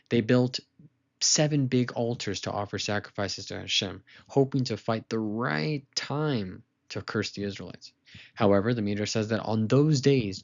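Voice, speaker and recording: Lower-voiced man telling a story to kids. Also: lo-fi sound. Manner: lively, casual storytelling with asides to listeners. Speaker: teacher of a weekly Torah lesson for kids. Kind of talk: storytelling lesson narration.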